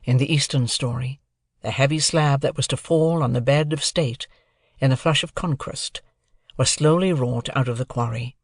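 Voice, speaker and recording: An audiobook narrator reads in a measured, formal, literary way, with a middle pitch. The recording is close and dry, with almost no room sound. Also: no echo.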